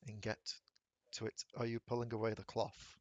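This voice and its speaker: A man's voice: fairly low pitch, monotone, moderate pace, darkish tone, no room sound, dull audio. A man narrating as dungeon master of a tabletop game, laughing easily and slipping into asides for the characters.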